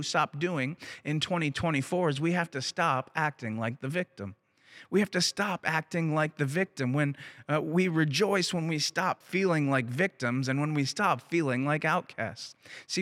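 A man's voice: on the high side, a bit bright. A man preaching a sermon as pastor, emphatic and repeating phrases for weight. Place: church.

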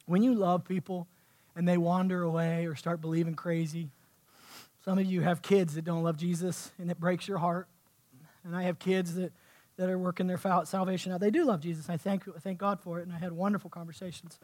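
A man preaching a sermon to his church, swinging from soft, heartfelt talk to fervent shouting. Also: high-pitched, level tone, a little fast. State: sweating. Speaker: pastor.

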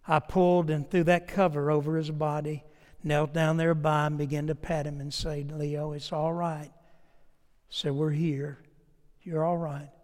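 Male pastor, fairly high voice, earnest preaching style, long reverb of a church hall. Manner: earnest, emphatic preaching in short repeated phrases. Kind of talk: sermon with personal storytelling. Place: church sanctuary.

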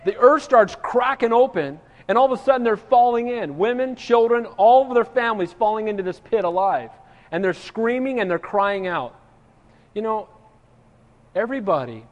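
High-voiced man preaching in a reverberant hall. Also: muffled recording. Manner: expository preaching, reads scripture aloud then comments; earnest, addresses congregation directly. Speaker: pastor. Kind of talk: sermon.

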